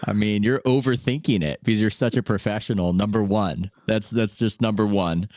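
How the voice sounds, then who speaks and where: A podcast host chatting casually, opinionated and joking. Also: male voice, fairly low pitch, steady tone, normal speed, darkish tone, no room sound, clean studio sound.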